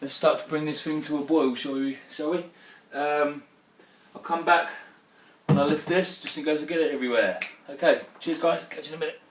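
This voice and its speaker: A man's voice: fairly high pitch, fairly even intonation, fairly quick. Man, casual brew-vlog host, exclamatory and sweary; roomy room sound, faint background hiss. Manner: chatty, sweary, prone to exclamations. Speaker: home brewer. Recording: roomy, distant mic, faint background noise.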